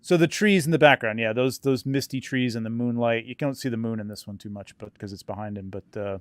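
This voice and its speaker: A man co-hosting a hobby podcast, chatting in an animated way and laughing often. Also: mid-range voice, fairly quick, dry recording. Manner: animated, laughs a lot, "you know what I mean". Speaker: toy photographer, podcast co-host. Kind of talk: casual chat.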